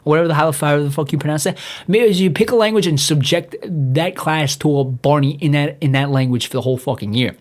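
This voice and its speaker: Fast-talking profane man ranting. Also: on the high side. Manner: rambling, profane, stumbles and restarts often. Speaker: podcast host. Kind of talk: profane solo rant.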